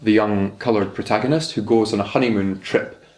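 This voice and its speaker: A man's voice: lowish voice, fairly quick, a little mellow. A young man, a doctoral researcher, explaining literature in an interview, thoughtful and hesitant, with restarts. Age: young adult. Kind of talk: academic interview, explaining and reading aloud. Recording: roomy echo.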